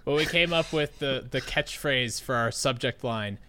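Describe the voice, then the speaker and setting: A man in his late twenties telling a story in casual chat, animated and profane, with lots of "like" fillers. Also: mid-range voice, normal speed, a little hiss or hum.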